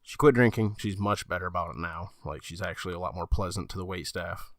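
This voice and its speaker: A man's voice: low voice, quick pace, no echo, studio quality. A man on a gaming podcast, telling a story in casual chat and swearing freely. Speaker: podcast co-host.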